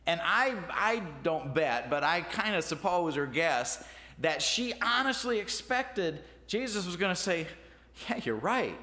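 A man's voice: sits high, animated, a little slow, bright, forceful tone, big-room sound. A man preaching a sermon in a folksy, self-deprecating way, often restarting his words. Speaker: pastor.

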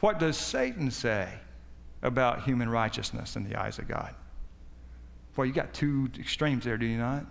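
A man preaching a sermon with passion, his voice swinging between loud high peaks and low quiet stretches. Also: lively intonation, moderate pace, gravelly, long reverb tail. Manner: impassioned, rising and falling in pitch and volume.

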